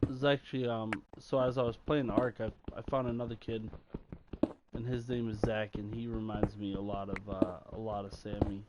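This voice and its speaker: A man's voice: lowish voice, flat delivery, moderate pace, very noisy. A young man chatting casually while he plays a game, rambling and slangy with lots of fillers. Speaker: gaming channel host.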